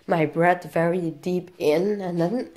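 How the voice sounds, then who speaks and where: A young woman, vlogging casually in halting English full of fillers, out of breath and coughing. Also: fairly low pitch, darkish tone. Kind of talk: casual vlog.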